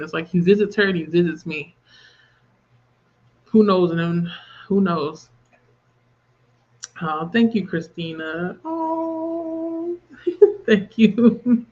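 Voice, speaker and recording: A woman's voice: lowish voice, highs cut off. A woman in her thirties hosting a livestream, chatting openly about grief and reading viewer comments aloud. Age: 30s. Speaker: livestream host. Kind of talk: casual livestream chat.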